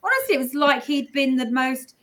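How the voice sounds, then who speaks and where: A woman telling a personal story in casual conversation, animated and often laughing. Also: mid-range voice, normal speed, slight background noise. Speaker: guest speaker.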